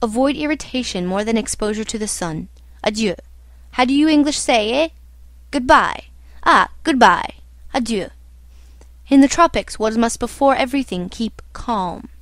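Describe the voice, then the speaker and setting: A woman's voice: fairly high pitch, expressive, normal speed, no room sound. A woman reading as an old eccentric doctor. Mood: calm, detached. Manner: matter-of-fact, imperturbable. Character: old eccentric foreign male doctor, calm and odd. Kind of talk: audiobook character reading.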